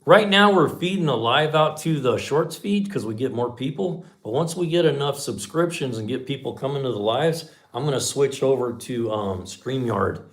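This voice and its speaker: A man's voice: medium pitch, expressive, normal speed, hardly any pauses. A man in his fifties hosting a livestream, telling a car story in a folksy, chatty way and acting out the dialogue. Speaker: channel host on a livestream.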